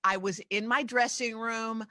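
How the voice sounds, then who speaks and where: A woman's voice: fairly high pitch, steady tone, unhurried, sharp tone, no room sound. A woman interviewing a cast, gushing and enthusiastic in casual chat. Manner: effusive, enthusiastic.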